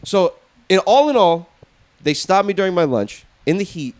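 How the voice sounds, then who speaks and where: A young man co-hosting a podcast, telling a story in a casual, animated way, swearing and acting out what people said. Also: high-pitched. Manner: fast, animated, swearing, acts out quotes. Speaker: podcast co-host.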